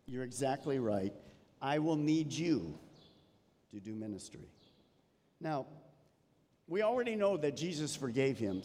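Male pastor, mid-high voice, preaching with animated swells and quiet drops; reverberant sanctuary sound. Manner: animated preaching, dropping to soft emphasis. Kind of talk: sermon. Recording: long reverb of a church hall.

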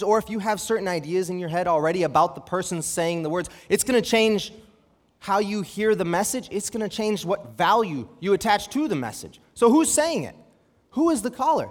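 A young man preaching a sermon, reading scripture and telling a personal story, with lively rhetorical questions. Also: high voice. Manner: animated, asks rhetorical questions, reads scripture aloud. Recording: long hall reverb.

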